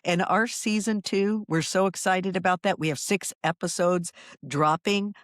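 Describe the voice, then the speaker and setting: A woman's voice: fairly low pitch, fairly even intonation, unhurried, no room sound. Female co-host, casual teasing banter, dry close sound. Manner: teasing, laughs often. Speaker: podcast co-host. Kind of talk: casual chat.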